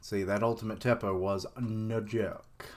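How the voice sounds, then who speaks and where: A man's voice: on the low side, level tone, measured pace. A young man giving casual live reaction commentary on a manga chapter, rambling with lots of fillers and chuckles.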